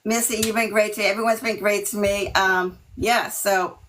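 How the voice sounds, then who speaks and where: A middle-aged woman from Massachusetts, talking about herself in a video call interview, nervous and emotional, with many ums and pauses. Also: medium pitch, steady tone, a bit bright, slight background noise, poor audio. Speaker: team member.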